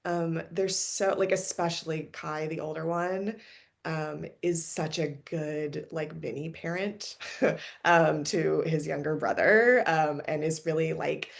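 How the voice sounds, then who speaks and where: A woman's voice: low voice, steady tone, slow pace, gravelly. A middle-aged woman speaking in a casual conversation, hesitant, with many ums.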